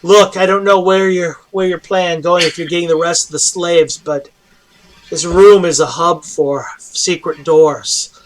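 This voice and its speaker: A weary human prisoner, voiced by a man, pleads for rescue in a tabletop game. He rambles and repeats himself, with a voice pitched a bit high. His words stumble over one another. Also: steady tone, a little slow, close to an everyday voice.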